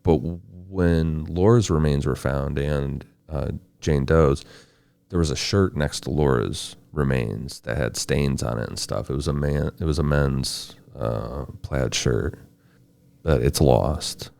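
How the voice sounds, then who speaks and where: A man hosting a podcast, telling a true-crime story in steady, detailed narration with casual asides. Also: a bass voice, takes it slowly, gravelly, no room sound. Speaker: podcast host.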